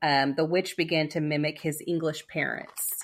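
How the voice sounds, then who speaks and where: Low-voiced woman telling a story. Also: fairly even intonation, normal speed, slight background noise. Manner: rambling, many fillers and restarts. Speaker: storyteller co-host. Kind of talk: casual podcast storytelling.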